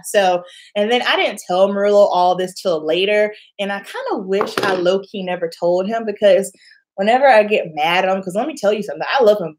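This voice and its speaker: A young woman telling a personal story to camera in a casual vlog, acting out the voices of the people in it. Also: medium pitch. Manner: animated, acts out quoted voices, laughs often. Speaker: beauty vlogger.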